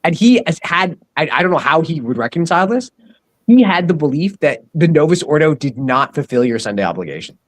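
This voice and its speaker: A man's voice: fairly high pitch, very animated, a little fast, low-quality recording. A man co-hosting a casual podcast, rambling with many fillers and frequent laughs. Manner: rambling, lots of "like" and "you know", laughs often. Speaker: podcast co-host, doctor.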